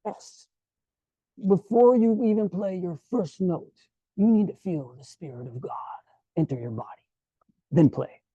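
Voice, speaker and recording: Man imitating an old male guitar maestro, hushed, high, slow, half-whispered, dull lo-fi recording. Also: husky, dry recording. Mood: solemn. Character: renowned older male guitar maestro, calm, solemn.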